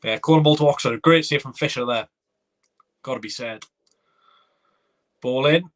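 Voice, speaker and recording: A man gives live reaction commentary on a football match in a bright, forceful voice. He is excitable and chatty, and he reads viewer comments aloud. His pitch sits at a middle level. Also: moderate pace. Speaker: fan watchalong host.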